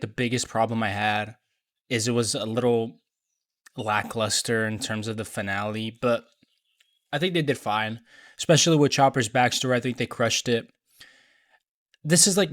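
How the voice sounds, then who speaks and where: Brief: young guy, just up, mid pitch, rambling casual review, dry sound. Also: no room sound. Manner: rambling, loose with fillers and swearing. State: just woke up. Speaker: video reviewer.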